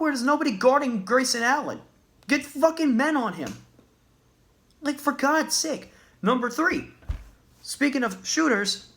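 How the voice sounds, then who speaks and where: A man's voice: high-pitched, fairly bright tone. A man ranting as a basketball fan in a vlog, agitated, profane and repeating himself. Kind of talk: sports rant vlog.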